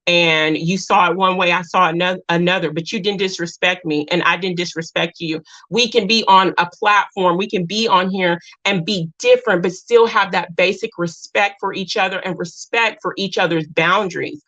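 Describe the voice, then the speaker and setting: A woman's voice: fairly low pitch, fairly even intonation, moderate pace, hardly any pauses, bright, forceful tone, rough recording. A woman hosting a casual live stream, speaking earnestly and repeating her points, close to tears. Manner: earnest, repeats herself, reads viewer comments.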